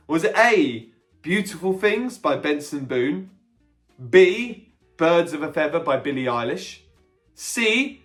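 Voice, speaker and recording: Chatty man hosting a quiz. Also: fairly high pitch. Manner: chatty, self-mocking, giggly. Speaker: quiz host. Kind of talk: casual pub-quiz hosting.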